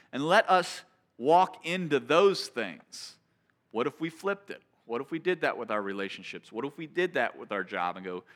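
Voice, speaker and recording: Man, pastor, sermon, earnest storytelling, bright voice. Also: medium pitch. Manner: conversational storytelling, animated and earnest.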